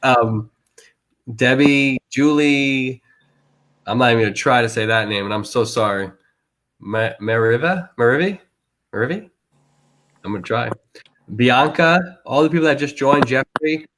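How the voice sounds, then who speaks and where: A man's voice: mid-range voice, unhurried, pauses often, a bit bright, low-quality recording. A man from the Tampa area hosting a live-stream interview, chatting casually and teasing his guests. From Tampa area, Florida. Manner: teasing and joking.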